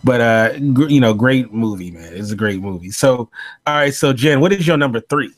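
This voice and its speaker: Male host, chatty and animated, laughs a lot, loose podcast banter. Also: medium pitch, moderate pace. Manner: animated, laughs often, many fillers. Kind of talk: casual panel chat.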